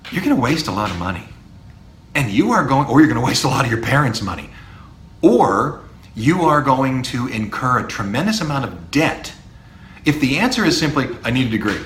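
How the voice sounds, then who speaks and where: Middle-aged male professor hosting his own podcast: animated, emphatic, lively pitch, recorded in a roomy space with faint background noise. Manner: lively, emphatic, mimics imagined students. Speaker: university professor, podcast host. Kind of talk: solo podcast monologue to students. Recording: echoey room with faint ambience.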